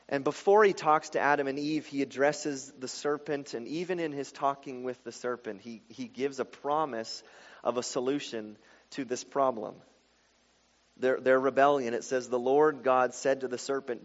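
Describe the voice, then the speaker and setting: A man preaching a sermon, moving between quiet explanation and loud, emphatic passages. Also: medium pitch. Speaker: pastor. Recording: dull sound with long hall reverb.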